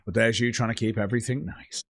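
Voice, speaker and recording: A man's voice: medium pitch, fast talker, creaky, fairly bright tone, no echo, studio quality. A man ranting on a livestream, blunt and heavily profane, reading out chat messages. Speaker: streamer.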